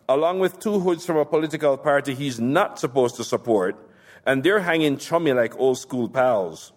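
A man's voice: medium pitch, long reverb tail. A man casually presenting a novel reading in a loose, chatty way with fillers.

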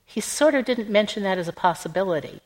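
A man's voice: high-pitched, expressive, fast, rough recording. A woman voicing a dry, sardonic middle-aged husband in an audiobook. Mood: wry.

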